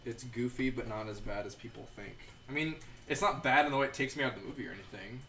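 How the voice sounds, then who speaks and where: A man's voice: mid-range voice, fast talker, bright, forceful tone. Man arguing casually on a live stream. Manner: argumentative, joking banter. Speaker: livestream co-host. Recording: distant mic with faint room noise.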